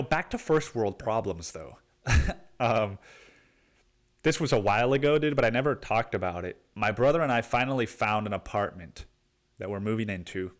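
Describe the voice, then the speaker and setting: A man's voice: lowish voice, a bit bright. A man hosting a solo rant podcast, swearing and rambling, saying "dude" all the time. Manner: profane, rambling, says "dude" constantly. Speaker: podcast host. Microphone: podcast microphone.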